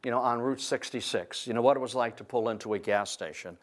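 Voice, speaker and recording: A man lecturing on history to an audience, telling it as a lively, digressive story. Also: medium pitch, fast. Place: library event room.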